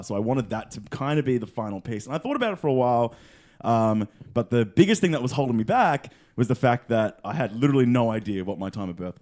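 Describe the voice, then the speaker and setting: Give me a young man co-hosting a casual podcast, telling a long story with lots of swearing and acted-out quotes. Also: fairly low pitch. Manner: animated, swearing, acts out quotes. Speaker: podcast co-host.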